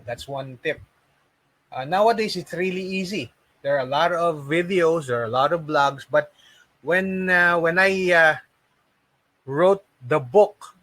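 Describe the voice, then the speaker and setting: A man's voice: on the high side, fairly bright tone, rough recording. A man, a call center trainer giving a casual spoken lesson, often restarting and checking in with "okay?". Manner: keeps checking in with "okay?", with frequent restarts and fillers.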